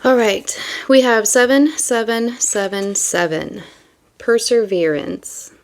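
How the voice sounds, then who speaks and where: A woman's voice: a little high, slow, slight background noise. A young woman reading tarot and chatting casually, rambling and full of fillers between card meanings. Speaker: tarot reader.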